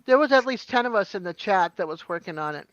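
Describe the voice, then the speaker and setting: A woman's voice: medium pitch, lively intonation, fast talker, crowd noise. A woman chatting as a guest on a live stream over a video call, rambling with lots of ums. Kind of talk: casual chat. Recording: dull lo-fi stream audio.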